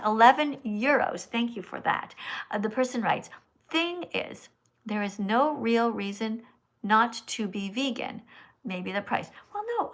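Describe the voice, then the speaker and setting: A woman hosting a live stream, reading donations aloud and lecturing slowly and bluntly. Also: a little high, a bit bright. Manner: blunt, scolding; slow, emphatic lecturing. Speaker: livestream host reading donations.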